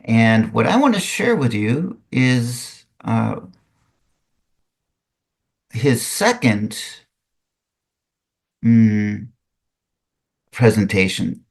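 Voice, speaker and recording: An older man, a retired physics teacher, reads a student's poem aloud with a lively sing-song lilt and adds drier spoken asides. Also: on the low side, very slow, gravelly, pauses often.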